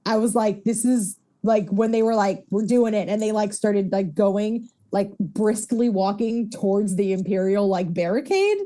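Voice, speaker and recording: A woman cohosting a podcast, chatting in a lively way and laughing often. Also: mid-range voice, normal speed, hardly any pauses. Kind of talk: casual chat.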